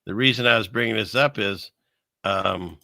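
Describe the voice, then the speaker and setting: Man, livestream host, gravelly fry, very bright sharp tone, dry close mic, rambling chat. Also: lowish voice, moderate pace, no echo. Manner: rambling, conversational, reads verses aloud. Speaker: live stream host. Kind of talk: casual livestream commentary on scripture and conspiracies.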